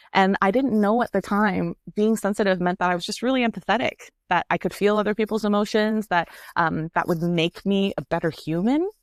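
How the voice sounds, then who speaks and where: A woman guest, a spiritual coach, telling a personal story in a casual, earnest and expressive way. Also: on the low side, no echo, clean studio sound. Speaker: spiritual coach and energy healer, podcast guest.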